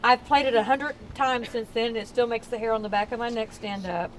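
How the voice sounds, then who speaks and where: On an outdoor night tour through town streets, a middle-aged Southern Texas woman spins ghost stories for the group, folksy and talkative, her fairly high voice quick and steady. Recorded on a camera held by someone on the tour, the low-quality audio carries a bit of hiss or hum.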